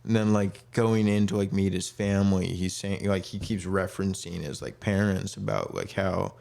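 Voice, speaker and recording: Low and darkish with vocal fry, this young man's voice stays level at a normal pace while he co-hosts a podcast. He rambles casually with many fillers and acts out quotes.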